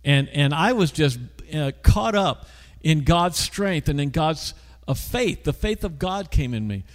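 A man's voice: on the high side, lively intonation, measured pace, big-room sound. A male pastor telling a story in a conversational sermon, often putting questions to the congregation.

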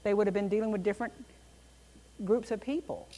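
A woman teaching a Bible class in an animated, emphatic way, with a reverberant room around her. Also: medium pitch, fairly quick.

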